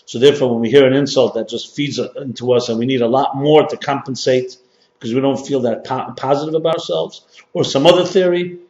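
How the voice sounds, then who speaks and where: A man teaching as a rabbi, speaking with emphatic repetition and pushing his key points higher and louder. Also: fairly quick. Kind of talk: sermon-style workshop lecture. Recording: dull, echoey hall recording.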